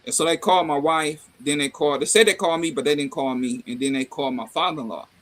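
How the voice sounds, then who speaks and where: Animated high-voiced man telling stories. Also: quick pace. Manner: animated storyteller, acts out dialogue, laughs, salty slang. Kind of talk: casual chat.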